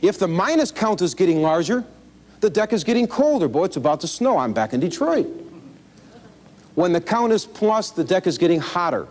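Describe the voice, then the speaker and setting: A man teaching card counting in an instructional video, talking in a folksy, animated way with self-deprecating humor. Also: high voice, moderate pace. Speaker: blackjack instructor. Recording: 1980s VHS instructional tape.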